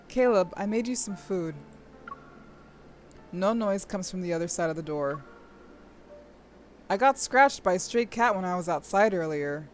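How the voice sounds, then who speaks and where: Squealing and laughing, a young woman with a medium-pitched voice interrupts her own reading of a game's story with gushing, excited commentary during a stream.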